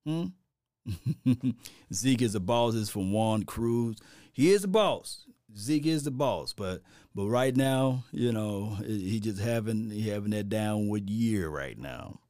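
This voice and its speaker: A middle-aged man giving opinionated casual sports commentary as a host, animated and rambling, repeating himself and adding preachy asides. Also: lowish voice, slow, no echo, studio quality.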